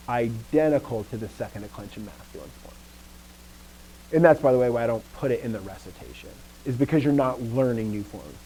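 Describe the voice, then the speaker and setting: A man's voice: fairly quick, slight background noise, rough recording. A man teaching a Greek lesson in a casual, self-correcting way, stopping often to check with the class and punching out stressed words to show emphasis. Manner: acts out emphasis with louder, higher stressed words.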